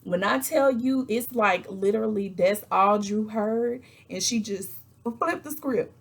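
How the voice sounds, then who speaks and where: A woman recapping a reality show in casual, animated chat, acting out quotes with exasperated asides. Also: medium pitch, unhurried, creaky. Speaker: reality TV reviewer.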